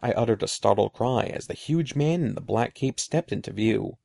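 Man, storybook narrator, suspenseful, expressive, gravelly voice, lively intonation. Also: lowish voice, moderate pace. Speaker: audiobook narrator.

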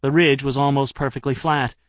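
A man's voice: medium pitch, fairly even intonation, a little fast, no room sound. A man narrating an audiobook in a wry, dry-humored manner.

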